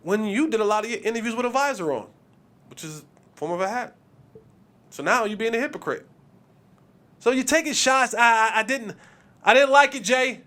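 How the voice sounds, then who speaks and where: High pitched guy going off on a sports podcast, lots of slang, keeps repeating himself. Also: normal speed, pauses often, pushed and bright. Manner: emphatic, repetitive, street slang. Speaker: podcast host.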